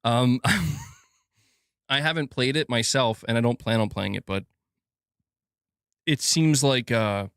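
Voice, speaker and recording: A man's voice: medium pitch, slow pace, long pauses, fairly bright tone, smooth, dry recording, clean studio sound. A man hosting a casual gaming news livestream, reading donations aloud and joking and laughing with his chat.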